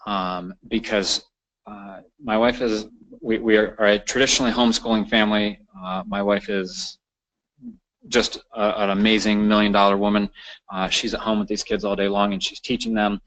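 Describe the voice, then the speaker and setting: A man's voice: fairly low pitch, little pitch movement, moderate pace, a bit bright, poor audio. A man presenting a continuing-education lecture on parenting, talking unscripted with many fillers and restarts. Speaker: counselor presenting a training course.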